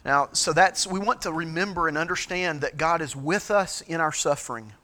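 Bright-voiced man teaching a church study. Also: fairly high pitch. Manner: halting, frequent fillers and restarts. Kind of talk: sermon-style teaching talk.

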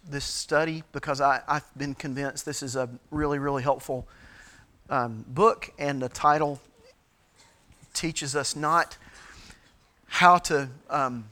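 A middle-aged pastor delivers a sermon-style teaching talk in a halting way, with frequent fillers and restarts. His voice sits on the high side and sounds bright and forceful.

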